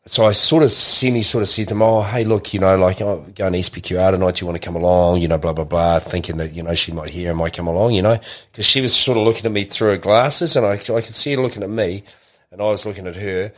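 A man's voice: low-pitched, fairly even intonation, fast. Rambling New man telling a story. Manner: rambling, restarts often, acts out quotes. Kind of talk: casual storytelling.

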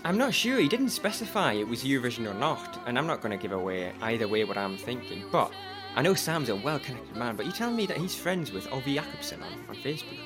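A man's voice: mid-range voice, sing-song, quick pace, music in the background. A man hosting a podcast, chatting in a playful, teasing way. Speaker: podcast host. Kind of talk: casual podcast chat.

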